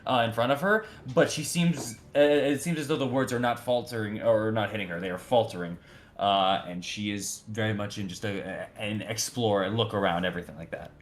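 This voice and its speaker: A man's voice: on the low side, a little fast, slight background noise. A man narrating a tabletop game as game master, rambling with many fillers and restarts.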